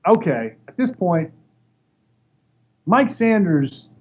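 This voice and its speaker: This man has a high voice and speaks slowly, telling casual stories as an interview guest. He's a former wrestler and an animated storyteller who acts out the other people's voices as he quotes them. The sound is dull and lo-fi with a little background noise.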